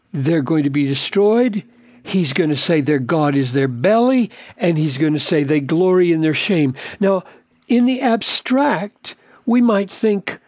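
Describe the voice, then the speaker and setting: An older man teaching on a Bible passage, earnest and deliberate, leaning hard on key words. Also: high-pitched, darkish tone, no echo, clean studio sound. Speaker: pastor.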